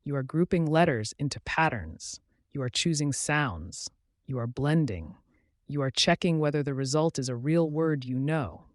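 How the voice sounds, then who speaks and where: Male narrator for an instructional audiobook; fairly high voice, deliberate delivery, dry booth sound. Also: animated, no echo. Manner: measured, deliberate delivery in short phrases. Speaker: audiobook reader.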